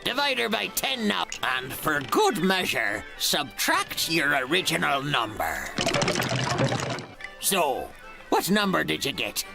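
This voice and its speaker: An actor playing a male bony puzzle character on a children's TV show, posing a number riddle in a gravelly, slow, sing-song voice, with loud music behind. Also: mid-range voice, wildly swooping pitch, full character voice. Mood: teasing.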